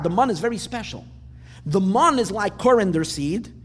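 A man teaching a Torah class in an animated way, repeating words for emphasis and asking rhetorical questions. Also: high voice, normal speed. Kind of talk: lecturing on weekly Torah portion. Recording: long hall reverb, faint background noise.

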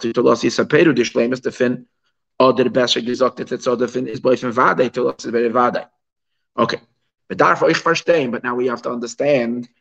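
A man's voice: medium pitch, creaky, a bit bright, lo-fi sound. A man teaching a text study class, asking rhetorical questions and mixing Hebrew and Yiddish terms into his English explanation. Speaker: Torah teacher.

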